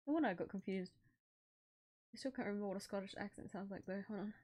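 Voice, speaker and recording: A woman's voice: medium pitch, fast, a little mellow. A young woman streaming a game, chatting casually with swearing and laughing asides. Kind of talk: casual let's-play commentary. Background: background music.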